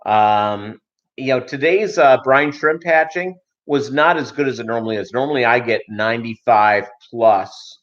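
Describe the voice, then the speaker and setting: Speaking at a moderate pace with a medium pitch and a fairly bright tone, a middle-aged man runs a fish-keeping livestream. His talk is casual storytelling and chat, loose, joking and padded with fillers. The recording has a slightly dull lo-fi quality.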